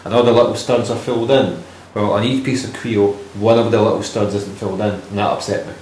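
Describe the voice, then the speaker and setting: A man's voice: lowish voice, fairly even intonation, fairly quick, darkish tone. A man co-hosting a podcast in casual chat, rambling, joking and swearing. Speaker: podcast co-host. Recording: roomy room with faint noise.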